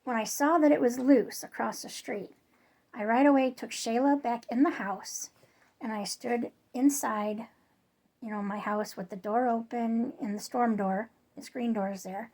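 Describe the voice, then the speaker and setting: A woman's voice: fairly high pitch, measured pace, darkish tone. A woman casually telling a story to her viewers in a chatty, rambling way, full of fillers and restarts. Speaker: vlogger.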